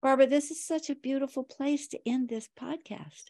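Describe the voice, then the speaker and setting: A woman author as a guest, talking in a relaxed, friendly way during a video call interview. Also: sits high, moderate pace. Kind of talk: casual interview chat.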